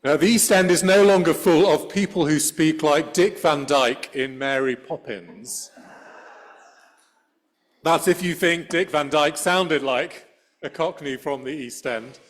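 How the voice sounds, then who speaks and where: A man's voice: a little high, measured pace. A middle-aged man giving a sermon as a priest, telling a story in a conversational way with dry humor, speaking into a church microphone.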